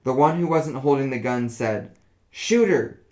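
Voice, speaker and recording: A man voicing an elderly woman who speaks in a flat, emotionless, dazed way. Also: mid-range voice, measured pace, lightly acted. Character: elderly woman, dazed and flatly matter-of-fact.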